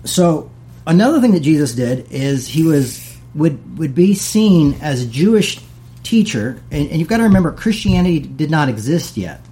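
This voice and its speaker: A man's voice: on the high side, sing-song, normal speed, dark tone. A middle-aged man hosting a casual talk, reading passages aloud and paraphrasing them with many asides.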